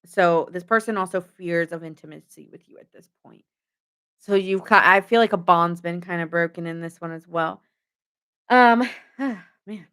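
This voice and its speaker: A young woman gives her viewers a casual tarot reading in a lowish, smooth, slightly bright voice at a moderate pace. She's chatty, often giggles mid-sentence, and leans on fillers like "like" and "giving."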